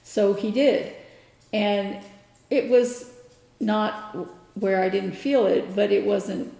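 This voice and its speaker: A woman's voice: mid-range voice, takes it slowly, gravelly, mellow. A woman co-hosting a casual podcast, telling a personal story in an earnest, explaining way. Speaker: podcast co-host. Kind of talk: casual chat. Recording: echoey room.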